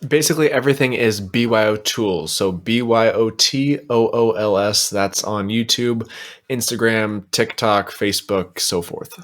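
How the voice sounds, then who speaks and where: A man's voice: on the low side, a little slow. Give me a friendly, enthusiastic man chatting as a podcast guest. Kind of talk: casual podcast chat.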